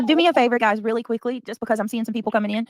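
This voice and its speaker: A woman's voice: fairly high pitch, very fast, no echo. A woman hosting a livestream, reading comments and chatting in a bubbly, giggly way. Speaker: livestream host. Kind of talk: casual livestream chat.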